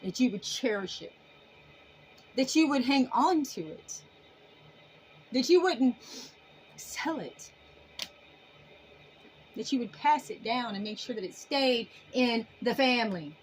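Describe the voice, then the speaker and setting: A woman giving a casual tarot reading to her viewers in an animated, emphatic way, often laughing. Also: a little high, takes it slowly, pauses often, slight background noise, rough recording. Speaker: tarot reader.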